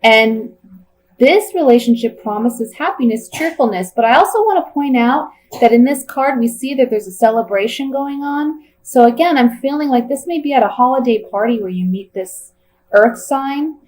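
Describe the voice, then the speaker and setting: A woman's voice: fairly high pitch, expressive, moderate pace, darkish tone, a little hiss or hum, poor audio. A woman giving a tarot reading in a casual, chatty way, thinking aloud as she turns the cards. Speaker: tarot reader.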